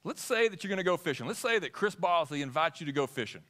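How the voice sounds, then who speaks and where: Animated, bright-voiced male preacher. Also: a little high, fast. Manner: animated preaching with questions to the congregation. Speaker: pastor. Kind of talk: sermon. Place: church sanctuary.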